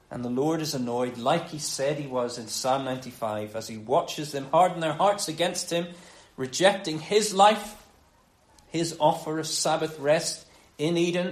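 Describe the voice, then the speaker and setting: A man preaching a sermon on a gospel passage in a conversational, animated way, dropping low and quiet for emphasis. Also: reverberant, rough recording.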